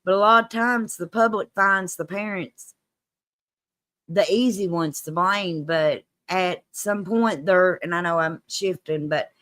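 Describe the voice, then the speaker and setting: A woman's voice: medium pitch, fairly bright tone, dry recording. A woman from Kentucky with a Kentucky accent, hosting a casual live-stream chat and trading folksy Southern sayings with a laugh. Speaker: host.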